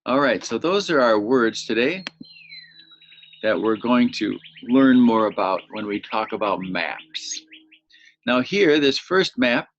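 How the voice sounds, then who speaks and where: A man talks young children through new words at a slow, unhurried pace. He repeats each word patiently so they can echo it back. The recording sounds a little dull and muffled. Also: mid-range voice, animated. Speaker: teacher. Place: home near birdsong. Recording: slightly dull, muffled audio.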